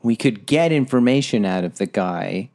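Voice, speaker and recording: A man's voice: mid-range voice, lively intonation, normal speed, darkish tone. A man playing a tabletop game, laughing and grumbling in mock anger. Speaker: player.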